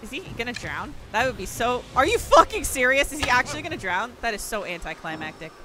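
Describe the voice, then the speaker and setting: A woman streaming a video game, commenting on her play in an excitable way, swearing freely and laughing often. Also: fairly high pitch, fast talker. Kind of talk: live gameplay commentary.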